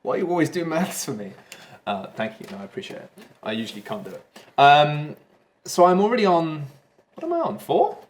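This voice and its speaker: A man's voice: a little high, very animated, a little fast, slight background noise. A man in casual, jokey chat while playing a board game, with sing-song asides.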